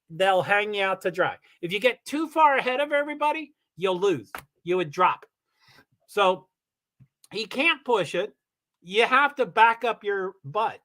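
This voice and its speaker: A man hosting a livestream, giving rambling, chatty commentary on a car race and swearing when he gets excited. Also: high voice. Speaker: livestream host. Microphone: computer mic on a streaming call.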